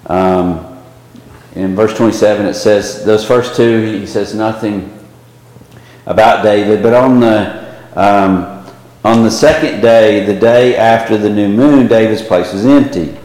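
A man's voice: lowish voice, darkish tone. Man teaching a Bible class, echoey room. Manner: conversational, with frequent fillers and restarts. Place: church classroom with a small group.

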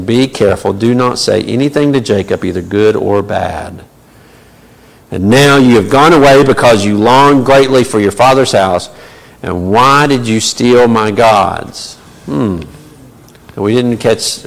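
A man's voice: fairly low pitch, vocal fry. A man teaching a Bible study in a conversational way, with many fillers and asides. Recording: long reverb of a large hall.

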